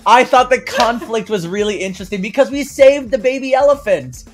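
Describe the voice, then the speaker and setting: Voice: medium pitch, animated, brisk. A panel member in a casual chat, asking the others questions with enthusiasm and frequent restarts.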